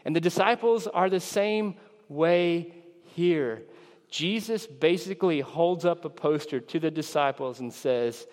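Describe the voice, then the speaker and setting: A man preaching a sermon in an earnest, measured way, stressing key words and acting out the disciples' words in a raised, excited voice. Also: a little high. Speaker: pastor. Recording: long hall reverb.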